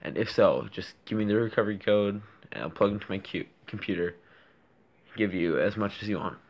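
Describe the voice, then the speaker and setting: A man's voice: lowish voice, fairly quick. A teenage boy casually retelling an online chat, rambling and reading the messages aloud. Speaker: YouTuber recounting a chat. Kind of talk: casual storytelling.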